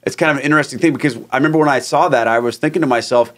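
A man's voice: mid-range voice, rapid-fire, fairly bright tone. A man hosting an interview, sharing a thought in a thoughtful, hesitant way. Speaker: interview host. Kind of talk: casual conversational interview.

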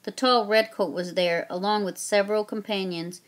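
A woman's voice: mid-range voice, steady tone, moderate pace. Woman reading a children's story aloud. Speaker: narrator.

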